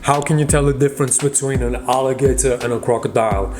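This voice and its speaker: A man's voice: mid-range voice, fairly even intonation, quick pace. A man hosting a magic vlog, casually reading out viewers' joke comments and teasing an off-camera helper. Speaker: magician host. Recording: background music.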